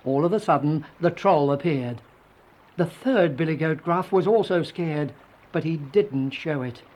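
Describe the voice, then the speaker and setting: A reader narrating a children's fairy tale in a gentle, storybook telling. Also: medium pitch, unhurried.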